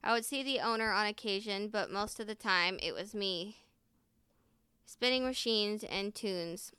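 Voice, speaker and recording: A woman's voice: medium pitch, unhurried, bright, forceful tone, smooth, no room sound. A woman vlogger who chats casually and swears freely, then reads her own story aloud.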